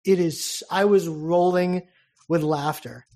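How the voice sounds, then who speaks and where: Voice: mid-range voice, steady tone, takes it slowly, a little mellow. An eager podcast co-host with a mid-range voice retells a scene with gusto, slipping quoted lines into casual chat.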